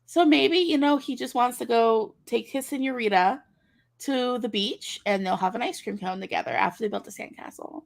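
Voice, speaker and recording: Woman co-host, playful and chatty, raspy vocal fry. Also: on the high side, normal speed. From United States. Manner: playful, spins silly imagined scenarios. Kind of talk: casual chat.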